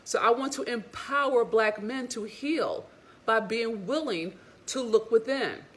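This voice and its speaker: Woman relationship coach, higher voice, sassy and preachy, casual motivational delivery. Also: measured pace. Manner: animated, preachy, sassy and frank with curses. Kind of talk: casual motivational talk to women viewers.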